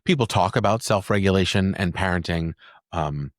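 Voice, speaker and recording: A man hosting a parenting podcast, asking measured, thoughtful interview questions. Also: deep voice, no echo, clean studio sound. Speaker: podcast host.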